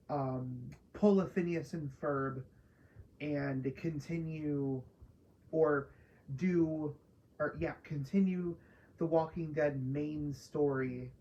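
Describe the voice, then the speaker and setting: A woman reviewer rants about a show in a loose, casual way, cursing freely and mocking characters. She talks slowly, with a slightly low voice. The recording sounds dull and lo-fi. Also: mellow, slight background noise. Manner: profane, exasperated, mocking mimicry. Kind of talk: casual spoiler review rant.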